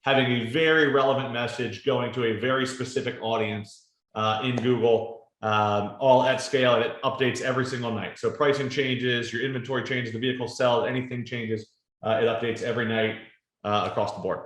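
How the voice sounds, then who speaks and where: A man presenting a casual screen-share product demo, explaining in a relaxed way with lots of fillers and tag questions. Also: medium pitch, fairly quick. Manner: relaxed, filler-heavy explaining with frequent "right?". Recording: roomy echo.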